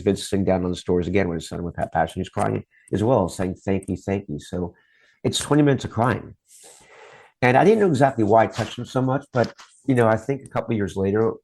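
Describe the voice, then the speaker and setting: A middle-aged man with a low, darkish voice appears as a guest on an interview show. Chatting casually, he spins long anecdotes about his work in TV promos and acts out the voices of the people he quotes.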